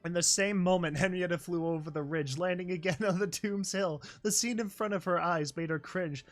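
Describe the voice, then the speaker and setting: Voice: medium pitch, steady tone, moderate pace, few pauses, faint music behind. A story reader narrating a fan story and breaking off for chatty, joking commentary. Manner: chatty asides, laughs at the story.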